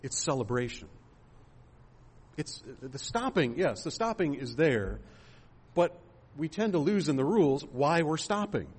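A man's voice: a little high, sing-song, unhurried, darkish tone, slightly rough. A man pastor giving a sermon in a conversational way, asking rhetorical questions and using fillers.

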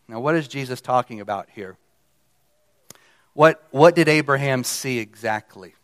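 A man expounds scripture like a preacher, leaning hard on key words with earnest emphasis. His voice sits a little high for a man and is smooth and clear. He takes his time between phrases. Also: a bit bright. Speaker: Bible teacher. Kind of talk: sermon-style Bible exposition.

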